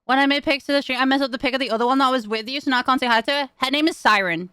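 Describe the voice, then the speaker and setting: A woman's voice: high voice, very fast, bright, forceful tone, smooth, no room sound, studio quality. A young woman streaming, chatting casually with her viewers, giggling often and swearing freely. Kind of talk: casual chat.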